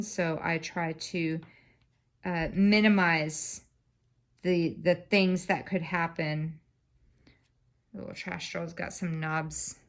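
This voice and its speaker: A woman in her thirties talks to a camera on a stand while she crafts, rambling from one thought to the next and swearing without apology. Her voice sits a little low, and she takes her time with every sentence. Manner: rambling and chatty, cusses freely. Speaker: craft vlogger. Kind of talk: casual chat while crafting.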